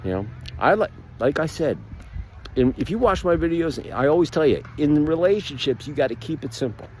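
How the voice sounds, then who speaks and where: A man's voice: fairly high pitch, animated, a little fast, darkish tone, slight background noise. A middle-aged man giving a casual motivational monologue as a marketing vlogger, rambling and upbeat with lots of fillers and restarts.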